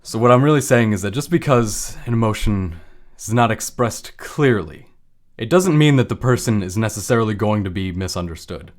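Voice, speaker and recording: Brief: male lecturer, somewhat low pitch, relaxed conversational teaching. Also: moderate pace. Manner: conversational, uses made-up everyday examples. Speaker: lecturer on emotions. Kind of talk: casual explanatory talk.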